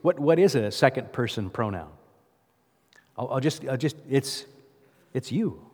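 A male pastor delivers a sermon in a church, loose and conversational, often asking the congregation questions. His mid-pitched voice carries a long reverb from the big sanctuary. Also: animated, a little slow, darkish tone.

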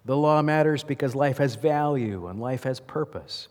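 Preaching in a church, a male pastor keeps things loose and chatty, frequently questioning the congregation. His mid-pitched, darkish voice moves at a moderate pace and carries long reverb from the large sanctuary.

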